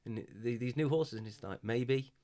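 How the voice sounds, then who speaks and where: A man's voice: mid-range voice, brisk, warm tone. A man hosting a podcast, talking in a hesitant, self-deprecating, reflective way. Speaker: podcast host. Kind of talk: casual podcast chat.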